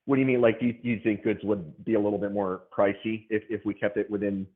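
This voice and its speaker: A man's voice: lowish voice, level tone, fast talker. A man calling into a casual debate, hesitant and restarting his sentences often. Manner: hesitant, restarts and repeats words. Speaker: caller in a debate. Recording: tinny phone line.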